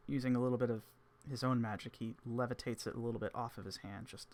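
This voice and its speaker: Young male game master, easygoing and halting in his narration. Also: medium pitch. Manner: relaxed, hesitant, many fillers.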